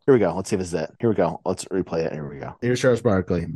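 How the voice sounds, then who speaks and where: A man's voice: sits low, animated, very fast, warm tone. A man co-hosting a casual podcast, teasing and pushing his co-host along. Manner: pushy, teasing, urging. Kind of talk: casual chat.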